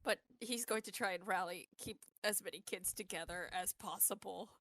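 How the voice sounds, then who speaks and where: A woman playing a tabletop game, narrating her character's actions with animated storytelling. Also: mid-range voice, normal speed, dry recording. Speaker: player. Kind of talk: tabletop role-play chat.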